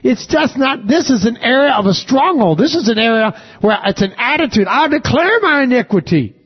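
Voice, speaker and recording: A man with a high-pitched voice preaches a sermon, reading scripture aloud and pausing to quiz the congregation with questions. His delivery swells with emphasis on key words. The recording sounds a little dull and lo-fi. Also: lively intonation, husky. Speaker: pastor. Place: church sanctuary with congregation.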